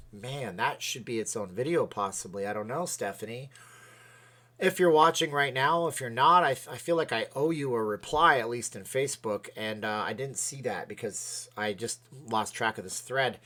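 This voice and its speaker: Hosting a laid-back livestream, this middle-aged man from Canada reads comments aloud and thanks each viewer by name while swaying and chatting in a rambling way. His voice sits in the mid-range with a fairly bright tone.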